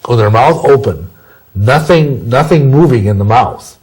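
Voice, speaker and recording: A man's voice: mid-range voice, animated, a little slow, darkish tone, slightly rough, low-quality recording. A man answering interview questions in a rambling, self-correcting way, full of folksy sayings. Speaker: interview guest.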